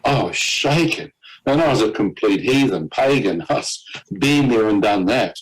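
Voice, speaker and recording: Low-voiced man telling a dramatic story. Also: normal speed, breathy edge, rough recording. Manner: animated storyteller who acts out quoted voices and laughs between lines. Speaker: guest telling his testimony. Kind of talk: personal testimony storytelling.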